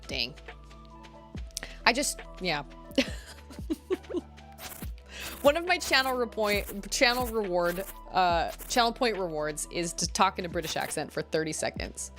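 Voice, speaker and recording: A woman's voice: mid-range voice, animated, a little slow, pauses often, fairly bright tone, soft background music. A woman in her thirties streaming a game, chatting casually, giggly and rambling. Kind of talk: casual chat while gaming.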